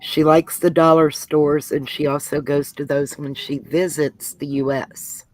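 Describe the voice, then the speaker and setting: Woman from Georgia, craft-stream co-host reading the chat: unhurried, laid-back delivery. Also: sits low, dry recording, low-quality recording. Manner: relaxed, reads out comments. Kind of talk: reading viewer comments aloud.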